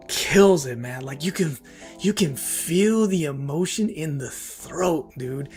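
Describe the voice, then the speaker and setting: Excitable gravelly-voiced man rambling on stream. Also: on the high side. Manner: excited, rambling, emotional storytelling with many fillers. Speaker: streamer and channel host. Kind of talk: casual livestream chat.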